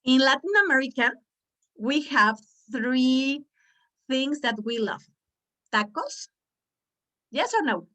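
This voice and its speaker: Lively woman coaching pronunciation, slightly high voice. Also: slow, long pauses. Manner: animated, coaxing, repeats words for the group. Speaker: pronunciation trainer for teachers. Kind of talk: lively online teaching workshop.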